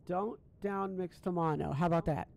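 A man's voice: high voice, moderate pace, vocal fry, a little mellow, a little hiss or hum. A young man casually commenting on a game stream, rambling and thinking aloud with lots of fillers and restarts, fretting about his audio settings. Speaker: gaming streamer.

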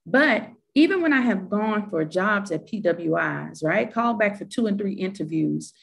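A woman with a Southern US accent speaking on a panel, animated and emphatic, often checking in with "right?". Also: medium pitch, normal speed, vocal fry. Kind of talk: candid panel discussion.

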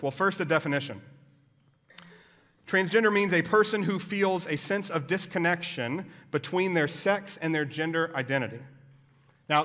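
Pastor guy preaching, chatty explainer tone, kinda high voice, big echoey church hall. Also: a bit bright. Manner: explanatory, conversational, with casual asides. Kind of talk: sermon. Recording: long reverb of a church hall.

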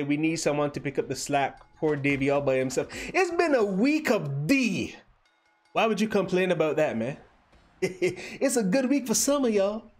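A man's voice: high voice, a little hiss or hum. A young man hosting a livestream, giving casual gameplay commentary and teasing his chat in a playful, joking way. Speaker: livestream host.

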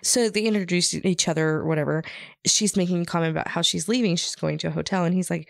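Gravelly woman, blunt and teasing. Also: lowish voice, quick pace, no room sound, clean studio sound. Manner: blunt, teasing, retells scenes with playful quotes. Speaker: podcast co-host. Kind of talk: casual chat about a horror film.

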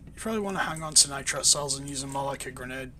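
A man's voice: medium pitch, rapid-fire, crowd noise. A man chatting and joking while making tactical callouts as he plays a game with friends. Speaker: gamer. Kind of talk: casual chat while playing.

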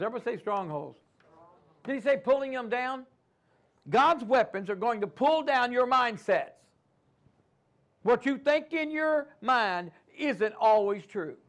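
A man's voice: extremely high pitch, very animated, a little slow, a bit bright. A man preaching a sermon in a church, calling out to his congregation and acting out the inner voices of doubt. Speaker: pastor.

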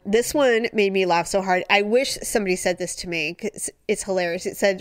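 Animated woman, bone-dry studio sound. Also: fairly quick, few pauses, no room sound. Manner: animated storyteller, mimics parents in high voices, laughs often. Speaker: podcast co-host. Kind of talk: casual chat.

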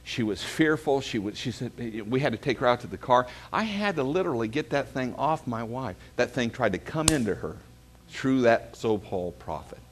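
A man's voice: mid-range voice, lively intonation, normal speed, a little hiss or hum. A man, preaching a sermon as pastor, telling stories and calling the congregation to say amen. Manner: storytelling preacher calling for amens.

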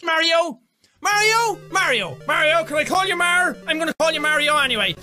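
A woman gamer playing through a level, swearing and yelling at the game as she plays. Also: very high-pitched, big pitch swings, normal speed, music in the background. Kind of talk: raging gameplay commentary.

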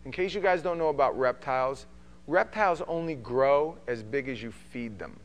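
Animated man preaching a sermon. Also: medium pitch, moderate pace, highs cut off. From from an Italian Sicilian family. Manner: animated, acts out dialogues, swings from quiet to shouting. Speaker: pastor.

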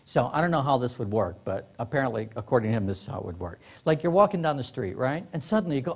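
A man's voice: mid-range voice, big pitch swings, fast talker, few pauses. A middle-aged man, an author, telling comic stories to a live audience, laughing often and acting out quoted voices. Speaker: author giving a workshop talk. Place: library meeting room.

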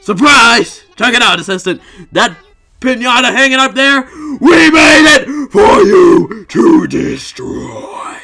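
Man doing cheerful animal villagers, sing-song, playful, bright tone. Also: high voice, big pitch swings, slow, pauses often, full character voice. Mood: cheery. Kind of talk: reading game dialogue in voice.

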